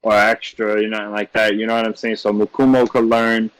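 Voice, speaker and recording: Chill co-host dude, kinda low voice, dry sound, keeps saying you know what i'm saying. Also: male voice, level tone, fairly quick, smooth, dry recording, low-quality recording. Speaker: podcast co-host. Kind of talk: casual podcast chat.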